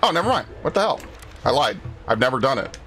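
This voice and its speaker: A man's voice: medium pitch, very animated, quick pace, pushed and bright. A young man streaming a video game, chatting casually, rambling and sarcastic, swearing often and telling anecdotes. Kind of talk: casual gaming commentary. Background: faint game music.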